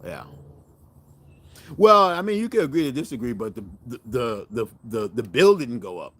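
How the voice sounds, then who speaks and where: A man's voice: medium pitch, sing-song, normal speed, fairly bright tone. A middle-aged man hosting a cooking channel, chatting casually to viewers in a rambling, self-correcting way and animating his stories.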